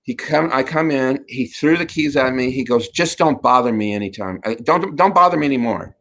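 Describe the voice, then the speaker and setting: A man's voice: mid-range voice, brisk. Host, male, middle-aged, campy raconteur with a chatty storytelling delivery. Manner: campy, laughing, animated storyteller. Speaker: talk show host. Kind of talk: casual storytelling chat.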